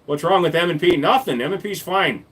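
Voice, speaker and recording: A man's voice: high-pitched, fairly quick, a bit bright, breathy edge. Blunt, joking man chatting on a livestream. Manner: profane, blunt, joking banter with chat. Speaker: livestream host reading chat. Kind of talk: casual livestream chat.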